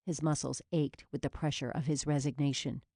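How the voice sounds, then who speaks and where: A woman narrating a police novel as an audiobook in an even, measured reading. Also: low-pitched, no echo, clean studio sound. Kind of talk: scripted narration.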